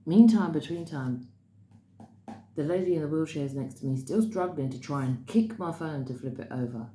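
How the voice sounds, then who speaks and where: A woman's voice: low-pitched, lively intonation, moderate pace, dark tone. A woman casually retelling a dream as a spiritual message, talking with bursts of emphasis. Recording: roomy echo with faint background noise.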